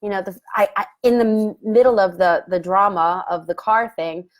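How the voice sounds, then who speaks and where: A woman's voice: medium pitch, normal speed. A middle-aged woman talks casually about something that happened to her, in a chatty and reflective way. She laughs often and puts on little voices when she quotes what people said. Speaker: love coach and host. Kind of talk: casual vlog storytelling.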